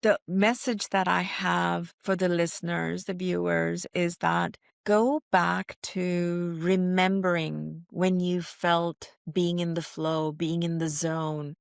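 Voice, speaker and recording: A woman guest on a podcast, answering calmly and emphatically, slowing down to stress key phrases. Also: on the low side, creaky, clear, resonant tone, dry recording, studio quality. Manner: calm, emphatic, teacherly, with slow stressed phrases. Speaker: podcast guest, leadership speaker. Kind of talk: reflective interview answers.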